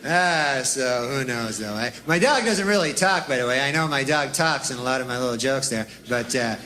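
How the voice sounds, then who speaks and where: A man doing a deadpan, rambling stand-up routine full of folksy asides. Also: medium pitch, normal speed. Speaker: stand-up comedian. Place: comedy club stage with laughing audience. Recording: live club recording with crowd and noise.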